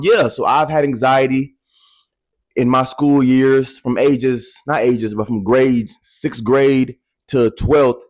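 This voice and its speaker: Here a vlogger in his twenties, with a mid-range voice, addresses viewers through a handheld mic. His testimony is casual and animated, with phrases repeated for emphasis.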